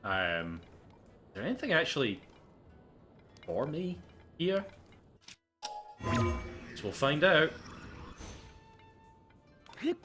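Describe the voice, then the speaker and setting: A man streaming a video game, chatting casually with sarcastic jokes and swearing. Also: sits low. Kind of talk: casual gameplay commentary.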